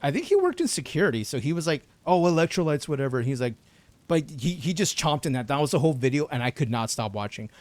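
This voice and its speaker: A man's voice: medium pitch, sing-song, quick pace, darkish tone, no echo. A young man streaming a video game, chatting casually and slangily with viewers, swearing and reacting to the game. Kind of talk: live gameplay commentary.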